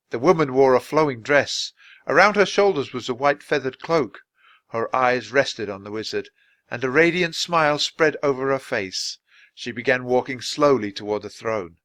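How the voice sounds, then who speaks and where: A man reading a children's storybook aloud, slowly and deliberately for English learners. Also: medium pitch, a bit bright, dry recording. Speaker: storybook reader.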